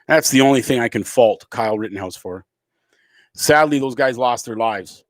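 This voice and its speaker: A middle-aged Canadian comedian rants angrily to camera in a profane political tirade, emphatic and swearing freely. His voice sits in the mid range at normal speed, with no echo.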